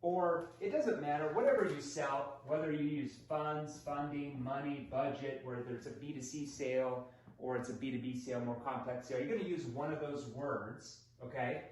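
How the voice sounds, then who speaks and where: A man's voice: mid-range voice, normal speed, a little mellow. A man teaching a sales training lesson, acting out short lines between seller and prospect with shifting tone. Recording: very echoey room.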